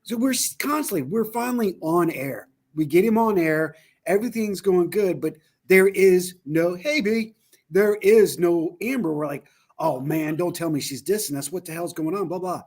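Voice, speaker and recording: Male co-host, higher voice, lively storyteller who acts out quotes. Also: normal speed. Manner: animated storyteller, voice jumps high for quoted shouts. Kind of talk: casual chat.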